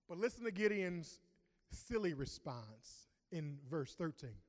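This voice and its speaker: A man preaching a sermon, emphatic, swinging from loud declarations to hushed asides. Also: on the high side, big pitch swings, measured pace. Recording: long reverb of a large hall.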